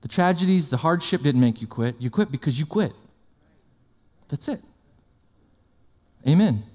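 A man preaching a sermon in an energetic, conversational way, often asking the congregation questions and slipping in jokes. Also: a little high, a little slow.

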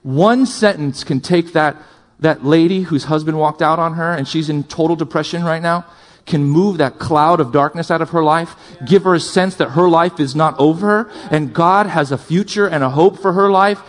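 A male pastor preaching a sermon, impassioned, with loud emphatic build-ups, quieter asides and jokes for the congregation. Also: on the high side, moderate pace, soft background music.

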